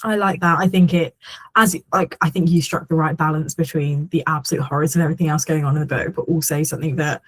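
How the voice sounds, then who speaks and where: A woman hosting a book club interview, asking questions in a relaxed, rambling way with many fillers. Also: deep voice, quick pace. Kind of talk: casual interview chat.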